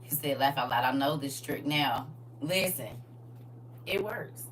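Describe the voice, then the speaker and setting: A middle-aged woman hosting a casual livestream, talking in a lively, folksy way to her viewers and sometimes dropping to a soft whisper. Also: rumbling low, measured pace. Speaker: livestream host. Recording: distant mic with faint hum.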